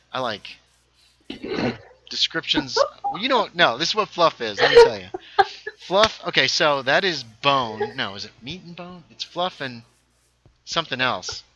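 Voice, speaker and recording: A man's voice: mid-range voice, bright, forceful tone, muffled recording. A young man hosting a game livestream, chatting casually and telling rambling stories that interrupt themselves. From North Carolina. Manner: rambling, self-interrupting storyteller. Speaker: livestream host. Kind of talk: casual chat while gaming.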